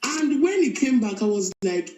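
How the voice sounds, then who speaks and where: A woman calling in by phone to tell her story, talking in a lively way and laughing often. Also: on the high side, moderate pace, echoey room, rough recording. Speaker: caller. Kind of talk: phone-in testimony. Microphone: phone call played into the room.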